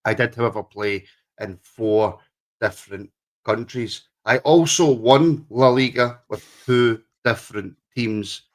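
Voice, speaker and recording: A man's voice: mid-range voice, measured pace. A man co-hosting a podcast, chatting casually, laughing often and reading out viewer comments. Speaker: podcast co-host. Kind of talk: casual chat.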